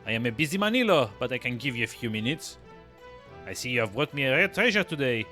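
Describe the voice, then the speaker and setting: A snooty merchant in a thick put-on French accent, as a man reads his game lines, lingering over every appraisal with lofty self-importance. The voice swoops up and down with animated pitch, bright and sharp at the front. Faint game music runs underneath. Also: quick pace. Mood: haughty.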